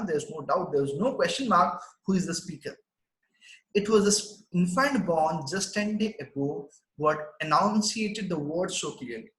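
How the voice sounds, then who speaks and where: A man teaching, reading a story line by line and explaining it in simple English, with an animated delivery. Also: sits high, roomy sound, poor audio. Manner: animated, reads text aloud then explains in simple English. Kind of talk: line-by-line literature lesson.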